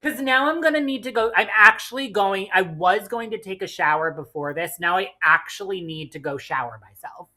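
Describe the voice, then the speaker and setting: A woman's voice: mid-range voice, moderate pace, hardly any pauses, bright, forceful tone. A woman co-hosting a casual podcast chat, swearing freely and hamming up mock outrage for laughs. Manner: profane, dramatic outrage played for laughs. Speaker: podcast co-host.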